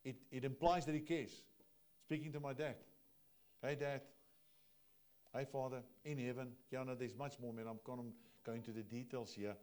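A man preaching a sermon from the pulpit in a mid-pitched voice. He talks to the congregation plainly and directly, swinging between soft, low asides and loud, emphatic stretches. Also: fairly even intonation, a little fast. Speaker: pastor.

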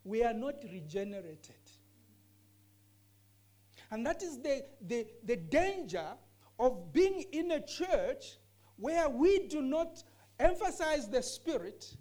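Woman, scripture teacher in a discussion; earnest, emphatic, repeats points, lively pitch. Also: takes it slowly. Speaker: bible teacher.

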